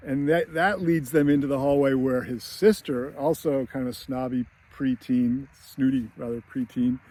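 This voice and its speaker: Husky man rambling about films. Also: medium pitch, fairly even intonation, moderate pace, warm tone. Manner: rambling, chuckling, many fillers. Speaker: screenwriting commentator. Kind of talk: casual film analysis.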